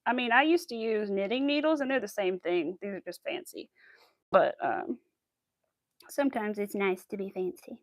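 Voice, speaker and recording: A woman with a medium-pitched, expressive voice runs a relaxed crochet livestream, talking and giggling with viewers as she crafts. She speaks at a moderate pace, and there's no echo in the recording.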